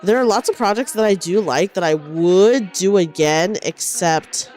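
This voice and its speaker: Knitting on stream, a young woman talks in an unhurried, lowish voice with a darkish tone as faint music plays. Her casual chat is rambling and self-deprecating, and she frequently starts her sentences over.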